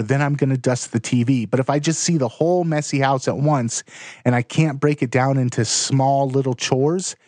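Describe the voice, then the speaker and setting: A man in his thirties gives plain-spoken advice, direct and emphatic, in an easy conversational way. His voice sits at an ordinary middle pitch. The recording is dry, with no room sound around it. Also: a little mellow, no echo. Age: 30s. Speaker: blogger giving writing tips. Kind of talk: casual instructional talk to camera.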